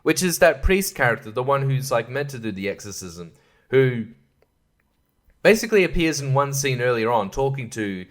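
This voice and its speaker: A man's voice: mid-range voice, big pitch swings, normal speed. A young man talks loosely through a film review, rambling and sarcastic. He laughs often and slips into mocking voices to make fun of what he describes. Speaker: podcast host reviewing films. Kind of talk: casual film review monologue.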